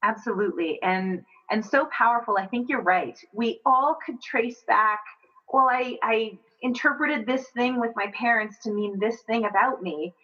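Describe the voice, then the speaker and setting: A woman's voice: fairly high pitch, moderate pace, sharp tone, breathy edge, dull audio. A woman hosting a podcast, chatting in an affirming way with her guest. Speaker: podcast host. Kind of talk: casual interview chat.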